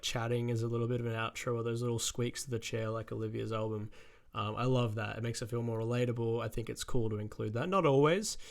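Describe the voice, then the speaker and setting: An Australian man hosting a music reaction, talking loosely with a gravelly, fry-edged voice. He rambles and swears freely, filling gaps with "like" and "um". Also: medium pitch. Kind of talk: casual reaction commentary.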